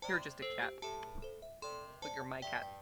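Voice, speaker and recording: Streamer reading a story on stream, throat kinda rough, keeps baby-talking the cat, music behind. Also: medium pitch, moderate pace. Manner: playful, breaks off from the story to baby-talk a pet cat. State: slightly strained throat. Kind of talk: reading a second-person story aloud on a livestream. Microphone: headphones and desk mic.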